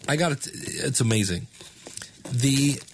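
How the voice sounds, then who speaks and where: A man's voice: mid-range voice, slow pace, heavy background noise. A man hosting his own podcast, talking casually and candidly, self-deprecating and rambling with restarts. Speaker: podcast host. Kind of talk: casual solo podcast talk.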